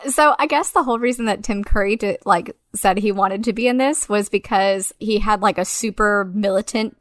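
A woman's voice: medium pitch, normal speed, no room sound. A woman co-hosting a podcast, chatting casually and animatedly, swearing and laughing often. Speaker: podcast co-host. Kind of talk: casual chat.

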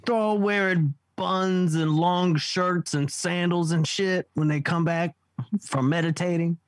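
A man's voice: sits high, fairly even intonation, a little slow, dry recording. An easygoing man co-hosting a casual podcast chat. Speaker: podcast co-host guest.

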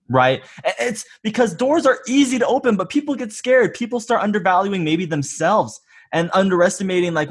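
Man, podcast host, husky voice, lively up-and-down pitch, motivational. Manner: upbeat, motivational, quick affirmations. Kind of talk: casual interview.

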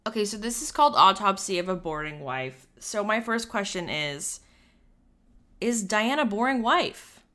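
A woman co-hosts a relaxed book discussion at a middling pitch. Her humor is dry, and she teases her co-host. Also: moderate pace. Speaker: book club podcast co-host.

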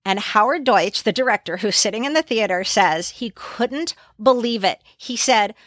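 Woman, podcast host, casual movie chat, animated storyteller, dry recording. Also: a little high, moderate pace, no echo. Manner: animated storyteller, retells scenes.

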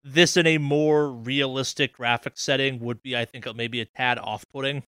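Excitable guy on a podcast, bright punchy voice, dry close sound. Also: mid-range voice, moderate pace, clear, resonant tone, dry recording. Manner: excitable, repeats words as he starts sentences. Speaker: podcast co-host. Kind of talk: casual chat.

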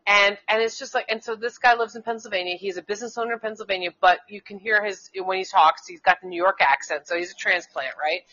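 A woman's voice: mid-range voice, quick pace, few pauses, bright, forceful tone. A woman co-hosting a casual political talk show, speaking heatedly and in a rambling way, with many restarts and curses. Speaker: co-host; schoolteacher. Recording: dull lo-fi internet radio sound.

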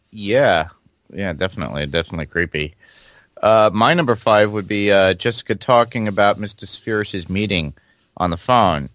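Low-voiced man on a dry mic. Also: fairly bright tone, no room sound. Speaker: podcast co-host. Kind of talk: casual chat.

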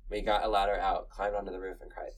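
A man's voice: deep voice, level tone, fast, recorded from a distance, poor audio. A man co-hosting a podcast, chatting casually with camp and dramatic flair. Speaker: podcast co-host. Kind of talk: casual chat.

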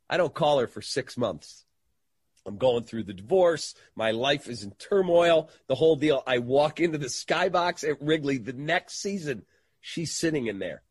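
A man's voice: mid-range voice, moderate pace, breathy edge, no echo, clean studio sound. A middle-aged man, a guest in an interview, telling a story and acting out the people in it. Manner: animated storyteller who acts out quoted voices.

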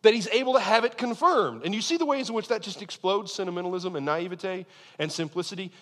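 An earnest male pastor delivers a sermon, slowing for emphasis and leaning into his key lines. His voice sits a little high and swings widely in pitch. The sound carries a long reverb from a large hall. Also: a bit bright. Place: church sanctuary.

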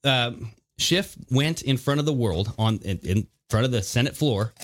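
A man co-hosting a casual political podcast, talking in an animated, mocking way and laughing often. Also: mid-range voice, unhurried. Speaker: podcast co-host.

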